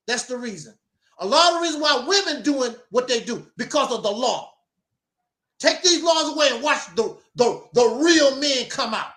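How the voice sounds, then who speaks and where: A man's voice: very high-pitched, expressive, normal speed, fairly bright tone, roomy sound. A man hosting his own talk program, delivering an emphatic, preachy monologue with mocking asides. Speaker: host. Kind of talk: opinionated talk show monologue.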